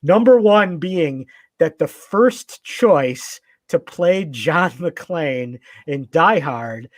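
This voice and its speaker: A man chats enthusiastically on a podcast, pitched a little higher than most men. He rambles, stacking fillers and restarting his sentences. The sound is dry, with no room around it. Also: animated, very slow, no room sound. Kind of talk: casual podcast chat.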